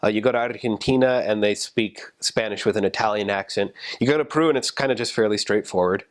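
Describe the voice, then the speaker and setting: A man talking casually about language, explaining in a relaxed way with fillers. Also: on the low side, fast.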